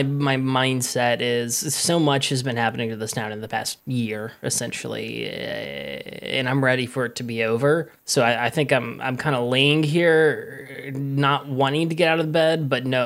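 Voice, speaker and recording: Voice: medium pitch, creaky, a bit bright. A player speaking in character in the first person, thoughtful and hesitant, with many ums. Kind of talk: role-playing in first person.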